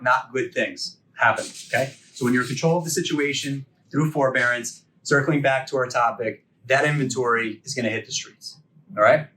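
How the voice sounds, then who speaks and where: A man in his forties teaching continuing education speaks in a pushed, bright voice of medium pitch. His conversational lecture is packed with rhetorical questions and "okay?" and "right?" check-ins. He sounds a bit removed from the microphone.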